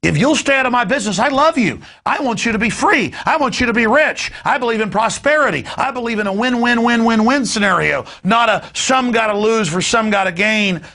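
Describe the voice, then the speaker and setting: Man, talk show host, gravelly voice, hard-edged and forceful, ranting commentary. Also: extremely high pitch, expressive, fairly quick, few pauses. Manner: emphatic, forceful and indignant.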